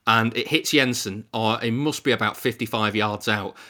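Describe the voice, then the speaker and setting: A man's voice: fairly low pitch, normal speed, pushed and bright. A man co-hosting a podcast, telling anecdotes and laughing at his own stories. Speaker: podcast co-host. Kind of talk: casual chat, anecdotes.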